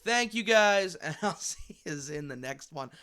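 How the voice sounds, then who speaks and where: Bright-voiced man ranting to camera. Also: high voice, a little slow, clear, resonant tone. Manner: animated, rambling, trips over words. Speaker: vlogger. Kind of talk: casual ranting commentary.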